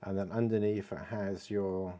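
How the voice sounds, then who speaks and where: A man's voice: lowish voice, little pitch movement, normal speed, dark tone. A British man giving a casual watch demonstration, chatty and giggling at his own jokes. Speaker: watch reviewer. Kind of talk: casual product demo.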